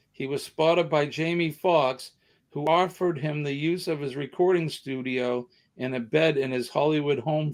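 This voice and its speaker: A man with a Southern American accent hosting a live stream, chatting casually and rambling with many fillers. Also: on the high side. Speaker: livestream host.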